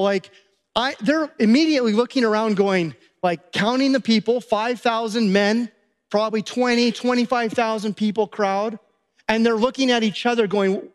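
A pastor preaching a sermon, retelling a Bible story with lively acted-out dialogue. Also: male voice, high-pitched, normal speed. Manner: animated storytelling, acting out disciples' voices.

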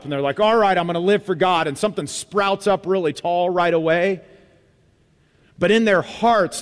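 A man preaching a sermon as pastor of a church, emphatic and animated, repeating phrases for effect. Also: on the high side, long reverb tail. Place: church sanctuary.

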